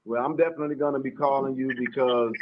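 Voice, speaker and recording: A man's voice: medium pitch, fairly even intonation, fast. A man hosts an online interview show and gushes with affection toward his guests. The audio is dull and lo-fi. A faint hiss sits behind his voice. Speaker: host.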